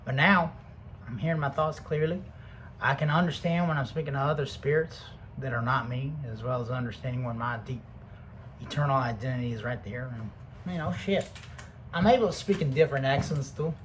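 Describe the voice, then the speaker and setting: A man rambling through a casual, heavily profane motivational monologue that swings between loud bursts and low mutters. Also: a little fast, a little hiss or hum, poor audio. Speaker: vlogger.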